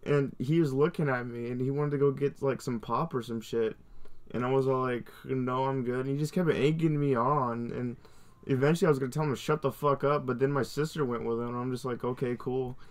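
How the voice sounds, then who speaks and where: A man's voice: medium pitch, fairly even intonation, a little fast. A man co-hosting a casual livestream, telling rambling, profane anecdotes. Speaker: co-host.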